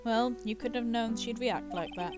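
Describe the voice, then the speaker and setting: A woman voicing a calm, dry young male defense lawyer, pitched lower, in a game read-through. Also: moderate pace, close to an everyday voice. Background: game music.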